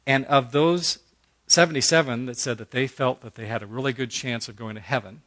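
A man's voice: medium pitch, a little fast, a bit bright. A middle-aged man teaching a Bible study in a conversational preaching style, earnest and folksy, acting out quotes as he goes.

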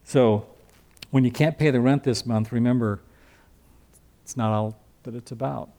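A man's voice: medium pitch, fairly even intonation, moderate pace, warm tone. An older man preaching a sermon as a pastor, teaching from scripture in a conversational way and asking the congregation questions.

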